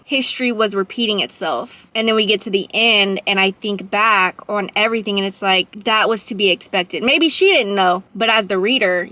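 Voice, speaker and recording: A woman's voice: fairly high pitch, bright, forceful tone. A woman book vlogger talking casually through her conflicted thoughts on a novel, thinking aloud as she goes. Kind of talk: casual book review talk.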